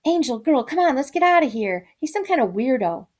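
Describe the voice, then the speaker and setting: Woman doing bossy teen girl friend, high, dismissive. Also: sing-song, brisk.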